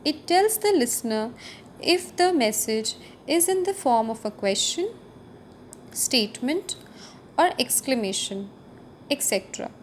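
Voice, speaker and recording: High-voiced woman giving a lecture. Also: sing-song, unhurried, long pauses, a little hiss or hum. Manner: explanatory, stresses key words. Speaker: teacher. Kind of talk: recorded lecture over slides.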